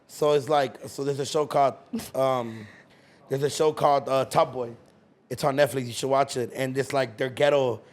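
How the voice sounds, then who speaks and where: A man's voice: mid-range voice, fairly even intonation, moderate pace. A young man hosting a casual podcast, joking, teasing and swearing freely. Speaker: podcast host.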